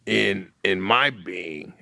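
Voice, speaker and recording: A man co-hosting a podcast in casual comedic banter, starting with halting restarts and landing lines deadpan. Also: sits low, creaky, dry recording, clean studio sound. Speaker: podcast co-host.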